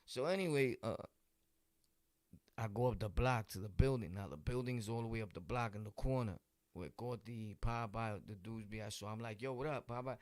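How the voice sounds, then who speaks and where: A man's voice: on the low side, moderate pace, a little mellow, no room sound, clean studio sound. A man with a Brooklyn accent casually telling a street story, full of slang and laughing asides. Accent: New York, Brooklyn. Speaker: vlog host.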